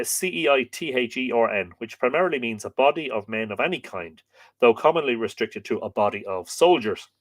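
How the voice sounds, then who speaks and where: A middle-aged Irish man reading a history book aloud on a live stream, taking slow, careful passages and pausing to spell out words and chat with his viewers. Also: lowish voice. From Ireland.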